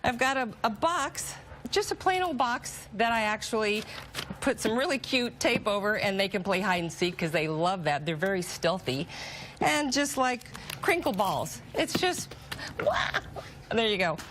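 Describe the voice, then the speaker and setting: An excitable woman gushing over shelter kittens in a TV pet adoption segment. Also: mid-range voice, normal speed, slight background noise. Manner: gushing and excitable, breaks into song.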